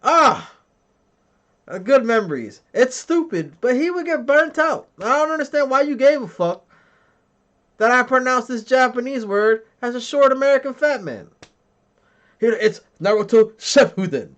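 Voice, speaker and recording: A man in his thirties hosts a podcast in an extremely high-pitched, animated, somewhat bright voice at normal speed. Joking and swearing, he reads chat comments and tells stories, laughing often, and the sound is dull and lo-fi.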